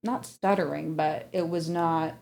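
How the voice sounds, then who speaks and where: Blunt, animated woman chatting casually. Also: deep voice, measured pace, creaky. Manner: blunt, animated, swears freely. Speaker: podcast co-host; parent of an autistic child. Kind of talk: casual chat.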